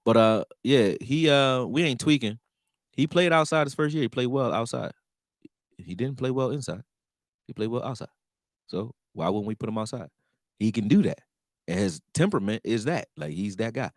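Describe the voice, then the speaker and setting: A man talking casually on a sports live stream, profane and animated, answering his chat. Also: medium pitch, normal speed, dry recording, studio quality.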